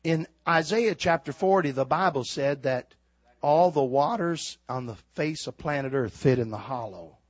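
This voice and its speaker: An older man preaching a sermon, swinging from shouted exhortation to quiet, folksy storytelling. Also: a little high, normal speed, no room sound, lo-fi sound. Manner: fiery preaching, builds to shouts then drops to quiet storytelling.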